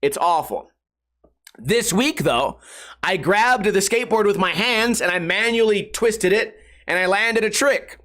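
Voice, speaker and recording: A man's voice: high-pitched, expressive, measured pace, pushed and bright. A young man hosting a solo podcast, ranting sarcastically with lots of swearing and mocking impressions of commenters. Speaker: podcast host.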